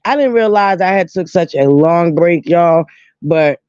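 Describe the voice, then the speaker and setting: A woman hosts a casual live stream, drawling slowly and greeting her viewers with exclamations. Her voice is dry and close, with a dull, lo-fi sound. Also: on the low side, lively intonation, a little mellow, dry recording. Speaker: host.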